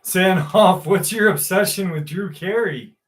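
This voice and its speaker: A man's voice: sits high, a little slow, fairly bright tone, rough recording. A man hosting a casual livestream from home, chatting loosely with viewers, rambling with fillers and the odd swear. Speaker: livestream host. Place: room at home.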